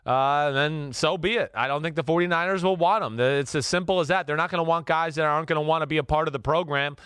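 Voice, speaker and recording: A man's voice: fairly high pitch, quick pace, a bit bright, smooth, no room sound, clean studio sound. A man from New Jersey, a guest on a sports talk show, ranting with strong opinions. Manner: opinionated, goes off in rants. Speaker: guest analyst.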